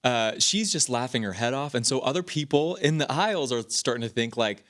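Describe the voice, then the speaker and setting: A man in his thirties talks through personal stories on his own podcast. He rambles in a casual, animated way, restarting sentences and leaning on fillers, his pitch sitting right in the middle range for a man. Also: brisk. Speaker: podcast host. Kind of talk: casual talk.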